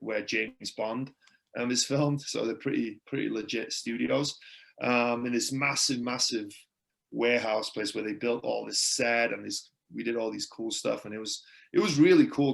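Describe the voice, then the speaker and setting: Gravelly Welsh man telling stories. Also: medium pitch, fairly bright tone. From Wales. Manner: chatty, acts out quoted dialogue. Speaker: podcast guest. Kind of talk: casual interview storytelling.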